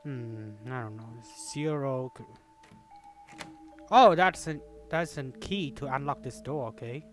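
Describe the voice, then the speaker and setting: A man's voice: medium pitch, animated, unhurried, faint music behind. A young man with playing a horror game on his own channel, talking to the characters and yelping when startled. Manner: jumpy, yelps and screams when startled, talks to the game character. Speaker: gaming YouTuber. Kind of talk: horror game let's play commentary.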